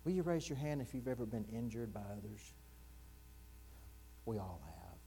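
Earnest male pastor preaching softly. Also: lowish voice, expressive, moderate pace, gravelly. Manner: earnest, drops to a hushed near-whisper on quoted verses; addresses congregation directly with questions. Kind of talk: sermon. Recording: mains hum in the background.

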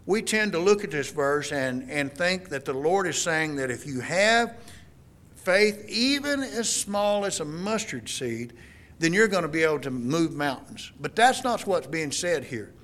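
A man's voice: fairly high pitch, expressive, a little slow, a bit bright. Earnest man preaching a sermon. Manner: earnest, explanatory, repeats words and restarts.

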